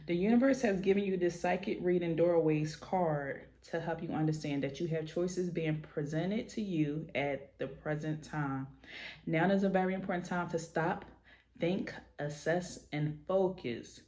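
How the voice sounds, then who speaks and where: A woman's voice: lowish voice, measured pace, mellow. Emphatic woman giving a tarot reading. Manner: emphatic, encouraging, repeats for emphasis. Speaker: tarot reader.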